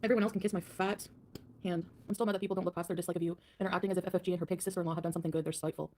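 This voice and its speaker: A woman's voice: lowish voice, fairly even intonation, rapid-fire, a little mellow, slight background noise. A woman livestreamer ranting defiantly, mocking her critics. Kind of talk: livestream rant.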